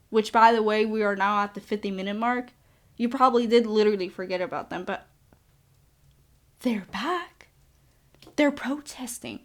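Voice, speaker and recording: Chatty young woman recapping a movie. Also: a little high. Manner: sarcastic, chatty, says like a lot. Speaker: podcast host.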